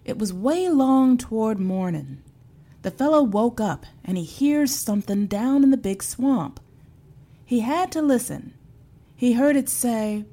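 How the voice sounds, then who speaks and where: A woman telling a spooky folk tale in a hushed voice with dramatic pauses. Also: mid-range voice, lively intonation, faint music behind. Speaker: storyteller.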